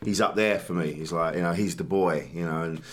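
A man with a lowish voice hosts a casual chat. He agrees eagerly and swears freely. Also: fairly quick. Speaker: podcast host.

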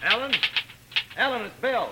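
An actor in a 1940s radio play, playing an excitable, indignant young college student. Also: male voice, very high voice, normal speed, long reverb tail, heavily acted. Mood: pleading. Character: hot-headed young male college student. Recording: scratchy old radio broadcast.

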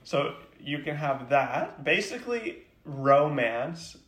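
A man's voice: on the high side, sing-song, slow, fairly bright tone, reverberant. A man co-hosting a casual podcast chat, playful and teasing, rambling through made-up scenarios. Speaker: podcast co-host.

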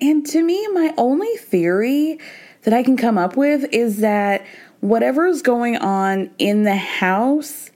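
A woman's voice: a little high, lively intonation, unhurried, a little mellow. A woman hosting a podcast, recapping a reality show in casual, gossipy chat and slipping into quoted voices. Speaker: podcast host.

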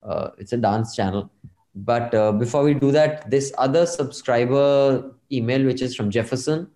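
Man, podcast host, chatty email reading, mid-pitched, warm tone. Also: normal speed, echoey room. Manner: chatty, reads emails aloud with asides. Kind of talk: casual podcast chat, reading listener emails.

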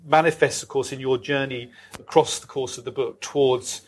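A male interviewer speaks in a discursive, academic way at a live event. His voice sits at a middle pitch. Faint noise is heard behind him. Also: steady tone, moderate pace. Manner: discursive, academic, with long winding questions. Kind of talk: onstage interview. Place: live event venue with an audience.

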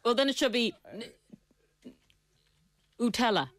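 Irish woman co-host, giggly and argumentative, lively voice, dry mic. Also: on the high side, unhurried, dry recording. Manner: laughs easily, argues her point. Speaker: radio co-host. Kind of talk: playful banter.

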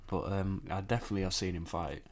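A man's voice: low-pitched, fast. A man co-hosting a podcast in casual chat, laid-back, throwing in dry one-liners. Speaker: podcast co-host.

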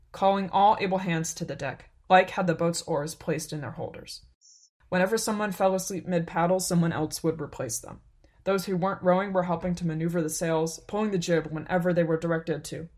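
A woman narrating a story in a calm, unhurried, even way. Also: on the low side. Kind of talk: scripted narration.

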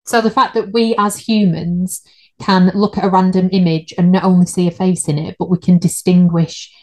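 Woman, podcast co-host, casual chatty explainer, slightly low voice. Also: flat delivery, normal speed, a little mellow. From United Kingdom. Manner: chatty, laughs at her own stumbles. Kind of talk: casual chat.

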